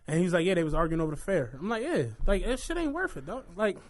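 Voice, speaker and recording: A young man, co-hosting a podcast in casual chat, telling stories in an animated way and acting out what people said. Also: high voice, quick pace. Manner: animated storytelling, acts out quotes, swears freely. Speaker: podcast co-host.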